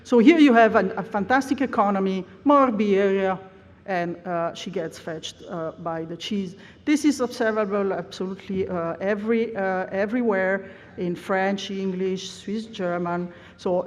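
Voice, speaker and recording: A woman's voice: mid-range voice, measured pace. A woman giving an academic conference lecture, explaining at length with frequent "uh" hesitations. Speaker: plenary lecturer. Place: lecture hall. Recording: long reverb of a large hall.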